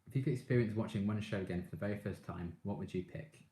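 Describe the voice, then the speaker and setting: A deep-voiced man hosts a relaxed live stream, chatting with viewers and getting excitable as a fan. He laughs often between comments. The sound carries a roomy echo. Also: fast talker. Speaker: live streamer reading chat. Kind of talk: casual live-stream chat.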